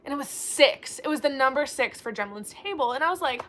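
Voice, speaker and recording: A woman's voice: high-pitched, lively intonation, brisk, a bit bright. A young woman hosting a casual book chat, telling a bubbly story and acting out the quoted dialogue. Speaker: book channel host.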